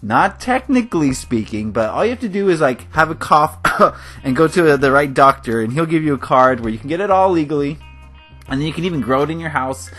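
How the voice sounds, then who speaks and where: A man's voice: fairly high pitch, animated, brisk, fairly bright tone. A man from California giving casual, rambling commentary on his game build, laughing often. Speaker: gaming video host. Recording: faint guitar music behind.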